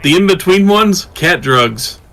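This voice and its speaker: A man's voice: high-pitched, expressive, a little slow, a bit bright. Teasing man on a gaming call. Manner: teasing, dry jokes. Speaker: guest playing a game. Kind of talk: casual chat while gaming.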